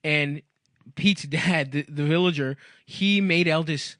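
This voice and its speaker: A man's voice: on the high side, takes it slowly, a bit bright, dry recording. A man co-hosting a comedy podcast, telling crude stories in casual chat and laughing often. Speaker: podcast co-host.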